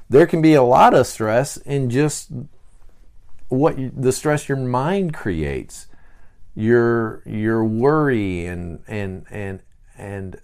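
A man hosting a podcast, explaining personality types in a casual teaching monologue and acting out the people he describes in short bursts. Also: medium pitch. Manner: animated, acts out quick voices of people he describes. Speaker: podcast host.

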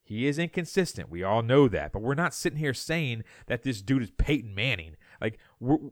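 A man's voice: mid-range voice, lively intonation, normal speed, dry recording, studio quality. A man co-hosting a sports podcast, ranting heatedly, stumbling over and repeating words as he gets worked up. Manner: fired up, repeats words, mocks others in put-on voices. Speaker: podcast co-host.

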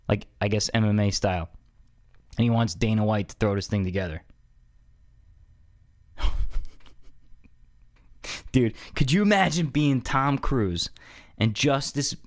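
A male podcast host riffing in a loose, comedic monologue, swearing freely. His voice swoops lively up and down as he jokes. The sound is dry and close. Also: mid-range voice, dry recording. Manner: animated, joking, swearing.

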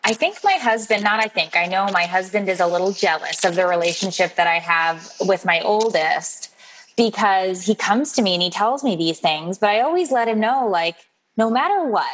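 In a rough recording with a little hiss or hum, a forty-something author chats casually as an interview guest. She spins stories loosely, slipping into playful voices for people she quotes, with a medium-pitched, fairly bright voice at normal speed.

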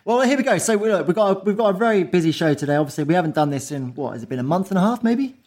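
A man hosting a casual football podcast, brash and swearing freely between quick bits of banter. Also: high voice, animated, a little mellow. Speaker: podcast host.

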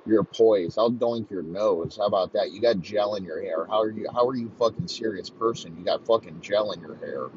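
A man's voice: lowish voice, normal speed, few pauses, darkish tone, slightly rough. A man ranting crudely and mockingly, swearing constantly in a comedic tirade. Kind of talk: profane comedic rant. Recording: slightly muffled lo-fi recording, faint background noise.

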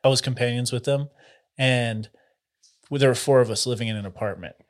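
A young man in casual chat, telling an animated story and breaking into high laughs. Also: a little fast.

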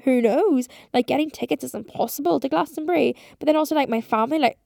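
A woman's voice: high-pitched, fast, vocal fry, dark tone, no room sound, studio quality. Rambling chatty young woman. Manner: rambling, chatty, swears a lot, heavy use of like. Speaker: podcast host. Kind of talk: casual solo monologue.

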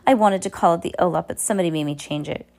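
A woman's voice: on the low side, racing, vocal fry, darkish tone. A woman reading aloud and voicing a wicked, scheming male villain who sneers and threatens. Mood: menacing.

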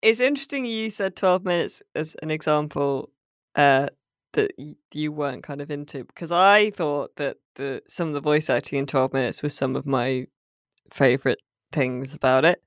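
A co-host on a podcast, speaking hesitantly and thoughtfully, with lots of ums. The recording is dry, with no room sound around the voice. The pitch is middling. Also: normal speed, no room sound. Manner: hesitant, thoughtful, many fillers. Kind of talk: casual chat.

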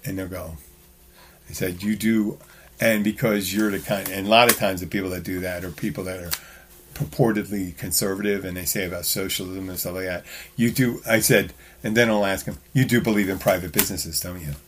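A man's voice: low voice, fairly even intonation, fairly quick, a little hiss or hum. A man hosting a talk show, telling bar stories in a blunt, rambling, profane way with lots of restarts. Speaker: podcast host. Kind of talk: casual solo monologue.

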